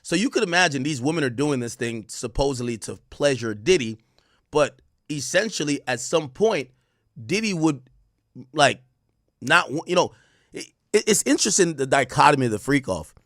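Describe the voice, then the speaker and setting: Animated, profane man streamer. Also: on the high side, moderate pace, no echo, studio quality. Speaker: streamer host. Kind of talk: reading and reacting to court testimony.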